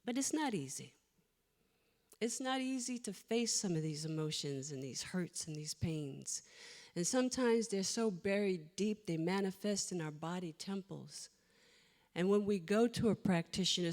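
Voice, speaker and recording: Slow emotional woman preaching in a hall. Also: fairly low pitch, expressive. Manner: slow, emotional, storytelling delivery with soft whispered asides. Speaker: minister. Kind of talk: sermon. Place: church sanctuary. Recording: long hall reverb.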